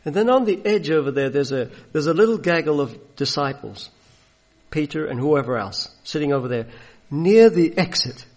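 Male preacher, slightly raised pitch, husky tone, vivid storyteller who acts out the scenes. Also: lively intonation, moderate pace. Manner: storytelling, acts out voices of biblical figures. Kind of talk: sermon.

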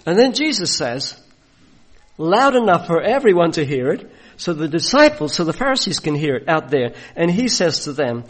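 Male preacher, slightly raised pitch, husky tone, vivid storyteller who acts out the scenes. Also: sing-song, normal speed. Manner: storytelling, acts out voices of biblical figures. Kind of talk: sermon.

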